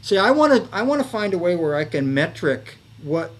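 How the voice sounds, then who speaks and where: A man's voice: high-pitched, very animated, moderate pace. A man in his fifties, a guest telling stories in a rambling casual way, full of fillers and restarts. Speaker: podcast guest, veterans advocate. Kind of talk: casual conversational storytelling.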